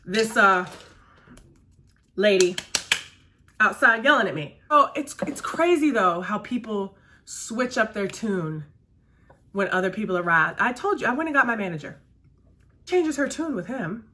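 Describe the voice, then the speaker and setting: A woman's voice: mid-range voice, expressive, a little slow, long pauses, pushed and bright, a little hiss or hum. A woman who works as a restaurant server, chatting casually and emphatically while doing her makeup, repeating her key phrases. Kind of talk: casual chat during a makeup routine.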